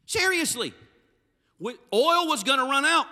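A preacher delivering a sermon with a high, piercingly bright voice. He swings from loud, forceful bursts down to low, hushed phrases. The sound rings with a long reverb. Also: animated, measured pace. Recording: reverberant hall.

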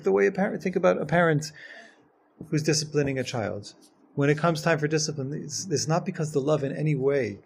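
A man teaching a Jewish text class, reading Hebrew passages quickly and then explaining them, often building to emphatic, stressed phrases. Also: medium pitch, creaky, a little mellow, a little hiss or hum. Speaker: Torah teacher.

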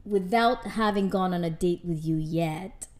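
A woman co-hosting a podcast, inquisitive and giggly, with many quick agreeing replies. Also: on the low side, darkish tone. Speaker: podcast co-host asking questions. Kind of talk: casual podcast chat.

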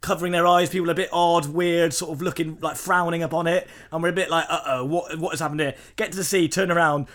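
Young bloke, fairly high voice, animated anecdote with laughs. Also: male voice, fast, hardly any pauses. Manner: animated, laughing storyteller, acts out quotes. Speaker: podcast co-host. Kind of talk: casual storytelling chat.

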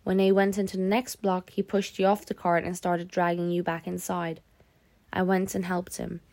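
A woman voicing a kindly older French man, a prisoner who speaks calmly and gently in an audiobook. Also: sits high, vocal fry, dry recording. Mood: gentle. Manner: calm, kindly, measured. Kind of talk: audiobook character voice.

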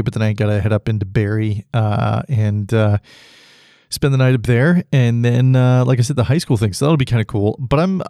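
A man's voice: mid-range voice, creaky, mellow, no room sound. Rambling man podcasting alone, dry sound. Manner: self-deprecating, laughs at his own jokes. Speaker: podcast host. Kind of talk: rambling solo podcast monologue.

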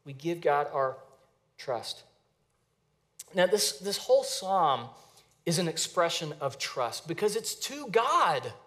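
A man with a slightly higher voice preaches a sermon. He is earnest and dynamic, stretching key words slowly and sinking to a hush for emphasis. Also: big pitch swings. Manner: earnest, varies pace and volume for emphasis, repeats phrases. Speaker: pastor.

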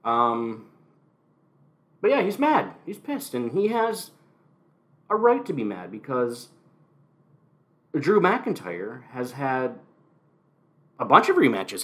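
Male podcast host, animated delivery, sarcastic commentary, solo recap from home. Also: on the high side, slow pace, long pauses. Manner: wry, sarcastic asides. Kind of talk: casual solo wrestling recap.

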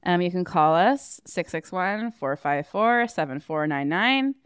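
A woman's voice: lowish voice, expressive, a little slow, clean tone, no echo, studio quality. A woman co-hosting a podcast in casual chat, joking crudely and giggling often. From California. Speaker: podcast co-host.

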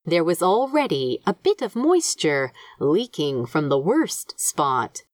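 A woman reads a fan fiction aloud in a measured, expressive way, her pitch moving a lot. She takes her time. The sound is close and dry. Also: dry recording. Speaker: podfic narrator. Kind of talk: scripted narration.

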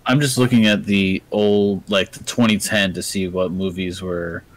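A man's voice: sits low, normal speed, low-quality recording. A young man co-hosting a casual movie podcast, thinking aloud as he looks things up. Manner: lively, thinks aloud while browsing. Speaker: podcast co-host.

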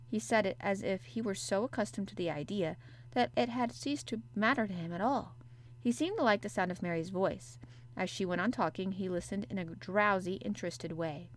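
Woman narrating a classic story. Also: medium pitch. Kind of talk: audiobook narration.

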